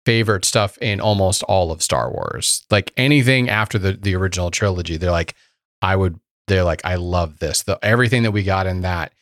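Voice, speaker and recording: A man with a fairly low voice in a casual podcast chat. He explains things eagerly and stumbles over restarts. The sound is dry and close. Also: a little fast, hardly any pauses, fairly bright tone, no echo. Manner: enthusiastic, many restarts. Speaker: podcast co-host.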